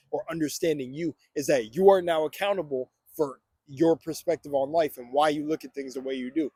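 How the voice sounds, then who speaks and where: A man's voice: a little high, darkish tone, slightly rough, dry recording. A young man giving a fired-up morning motivational monologue on spirituality, preachy and swearing freely.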